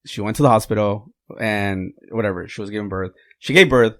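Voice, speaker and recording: A man's voice: on the low side, a little fast, a bit bright. A man whose first language is Spanish, a podcast guest telling a long joke in casual chat and laughing mid-sentence.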